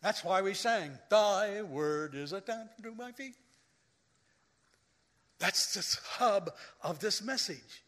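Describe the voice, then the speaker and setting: A man with a high, bright voice preaches a sermon in a church sanctuary, taking his time over each phrase. He tells stories and then swells into loud, dramatic quoted lines. His voice rings out with a long reverb from the hall around him. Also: expressive, slow pace. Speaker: pastor.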